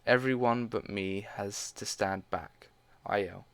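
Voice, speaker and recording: A man with a lowish voice reads a fan story aloud in a relaxed, casual way. He trips over words now and then and breaks off for quick asides of his own. The sound is dry and close, with no room around it. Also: clean tone, dry recording. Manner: reads with frequent stumbles and side comments. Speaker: fan fiction reader.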